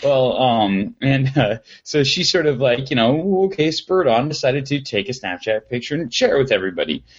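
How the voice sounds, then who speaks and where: A man's voice: mid-range voice, animated, normal speed, lo-fi sound. A man chatting casually as a podcast co-host, rambling through a story with lots of fillers and restarts. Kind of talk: casual chat.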